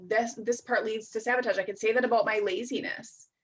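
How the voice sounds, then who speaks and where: A woman in her thirties speaking as a life-coach guest in an interview. She talks reflectively and chattily, with fillers and quick asides. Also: on the high side, fairly even intonation, highs cut off. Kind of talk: casual interview chat.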